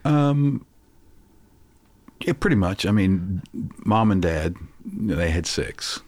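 A man's voice: sits low, expressive, slow pace, darkish tone, no echo. A man in his sixties, a guest in an interview, telling reflective personal stories in a casual, anecdotal way.

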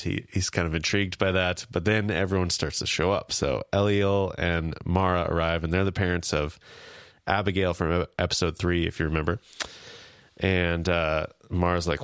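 A man's voice: deep voice, fairly even intonation, clear, resonant tone, no room sound, studio quality. A man co-hosting a podcast, casually retelling episode scenes and acting out characters' lines. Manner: retells scenes, acts out lines with quick quips. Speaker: podcast co-host. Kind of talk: casual podcast recap chat.

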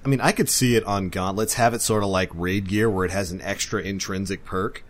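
A man on a casual gaming podcast, calmly suggesting ideas. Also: deep voice, brisk, slight background noise. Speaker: podcast co-host.

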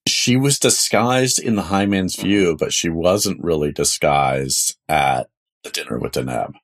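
A man narrating as game master of a tabletop game podcast, describing scenes in a relaxed, wry way. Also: deep voice, unhurried.

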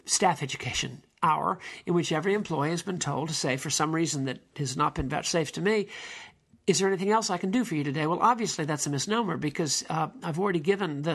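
A man's voice: fairly high pitch, a bit bright, breathy edge. A man giving a spoken lecture on language in a musing, digressive way, now and then mimicking how people intonate.

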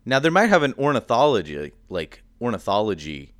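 A young man co-hosting a casual podcast, explaining things at length in a chatty, animated way. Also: mid-range voice, brisk, no room sound. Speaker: podcast co-host. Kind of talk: casual chat.

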